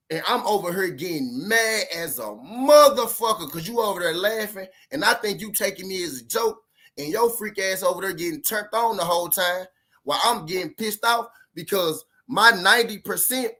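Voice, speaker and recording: A man's voice: high-pitched, bright, forceful tone. A man casually telling a relationship story to his viewers, profane and repetitive, leaning hard on his points. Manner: profane, repetitive, emphatic street talk. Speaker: vlogger giving relationship advice.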